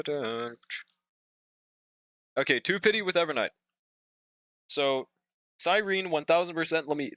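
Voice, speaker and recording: A man's voice: fairly high pitch, fairly bright tone, no echo. A man streaming a game and chatting casually with his viewers, laid-back and slangy, swearing now and then and humming while he waits. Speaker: streamer reading chat. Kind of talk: casual live-stream chat while playing.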